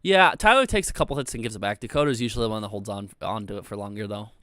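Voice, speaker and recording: A man's voice: fairly low pitch, rapid-fire, fairly bright tone, dry recording, clean studio sound. A young man hosting a casual livestream, rambling loosely and reading chat messages aloud with plenty of filler words. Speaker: livestream host.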